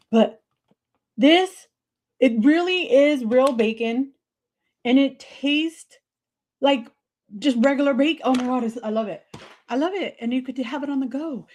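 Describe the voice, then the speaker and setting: A woman hosting a casual livestream, chatty and excitable, laughing often as she answers viewer comments. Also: high-pitched, unhurried, long pauses, a little hiss or hum. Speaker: livestream host.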